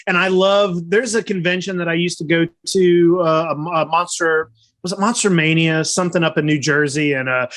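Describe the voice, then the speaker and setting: This is a man hosting a podcast in a loose, conversational way, sharing news and chatting with his co-host. His voice sits a little high for a man, and his tone stays easygoing. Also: normal speed. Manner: friendly, relaxed, announces plans. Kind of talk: casual podcast chat.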